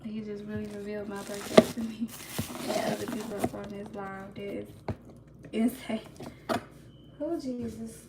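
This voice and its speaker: A woman's voice: mid-range voice, little pitch movement, normal speed, long pauses, heavy background noise. A woman hosting a casual livestream, chatting to viewers and laughing nervously. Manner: laughs nervously, talks to chat, restarts. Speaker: livestream host. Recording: roomy echo, mic a bit far, faint ambience.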